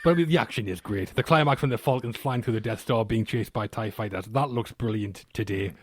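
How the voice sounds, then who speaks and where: A man's voice: on the low side, brisk. A man co-hosting a film podcast, sharing trivia in an informative way with dry asides. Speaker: podcast co-host. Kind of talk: casual film chat with trivia.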